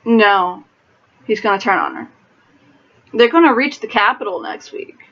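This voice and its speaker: A woman's voice: medium pitch, sing-song, moderate pace, a bit bright. A woman chatting casually about a TV episode, talking in loose repeated phrases full of "like". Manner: conversational, repeats "like" and restarts. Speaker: co-host reviewing an episode. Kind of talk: casual chat. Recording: dull lo-fi home recording.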